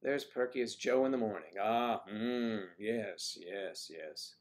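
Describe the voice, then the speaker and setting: A man's voice: lowish voice, animated, slow. A man hosting a casual morning livestream, chatting playfully and reading out viewer comments. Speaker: livestream host.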